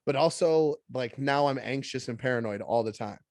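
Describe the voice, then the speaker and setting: Man, 30s, podcast co-host, animated storyteller, dry close sound. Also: medium pitch, normal speed, no room sound. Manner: animated storyteller, jumps into quoted voices. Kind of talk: casual storytelling chat.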